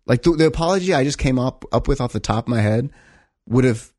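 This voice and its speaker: A man's voice: medium pitch, animated, fast talker, darkish tone, no echo, clean studio sound. A man co-hosting a casual podcast chat, blunt and profane, reading aloud and acting out quotes. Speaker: podcast co-host.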